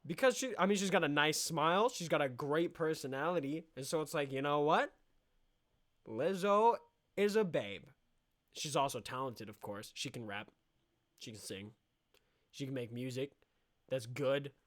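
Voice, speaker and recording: Young guy ranting sarcastically on his podcast, slightly high voice, loose and rambling. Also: moderate pace, a bit bright. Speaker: podcast host. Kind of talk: comedic podcast monologue.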